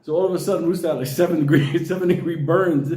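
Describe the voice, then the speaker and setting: A man telling a wild comic story, animated and swearing often, laughing through his lines. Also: fairly high pitch, fast talker, roomy sound. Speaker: comedian storyteller.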